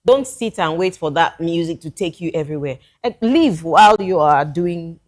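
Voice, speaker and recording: A woman's voice: fairly low pitch, animated, normal speed, darkish tone. A Nigerian woman musician, a talk-show guest giving earnest advice in casual chat. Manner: earnest, advising, with restarts.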